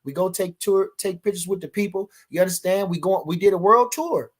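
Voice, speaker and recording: A man's voice: sits high, brisk. A man hosting a livestream and talking to his chat, boastful and profane, repeating lines for stress, loose and rambling with restarts and fillers. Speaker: livestream host. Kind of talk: live-stream rant answering chat.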